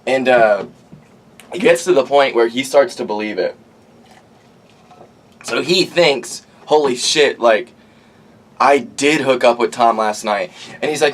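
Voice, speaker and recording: A man's voice: mid-range voice, a little slow, pauses often. A young man hosting a casual storytelling monologue outdoors, rambling and profane, full of "like" and acted-out quotes. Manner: rambling, profane, animated, lots of "like". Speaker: podcast host.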